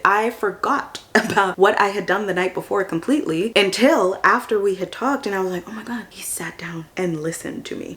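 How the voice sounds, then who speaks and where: A young woman telling a personal story in a casual vlog, animated and rambling, laughing often. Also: fairly low pitch. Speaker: manifestation coach.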